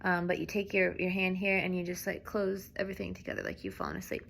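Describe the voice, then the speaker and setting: Bright, gravelly woman explaining signs. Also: fairly low pitch, big pitch swings. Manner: informal, halting, lots of fillers and restarts. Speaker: sign language teacher.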